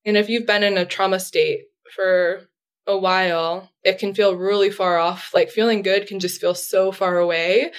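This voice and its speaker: A woman's voice: medium pitch, fairly even intonation, moderate pace. A woman speaking as a therapist guest in a casual interview, explaining things in a chatty way with frequent fillers and light laughs.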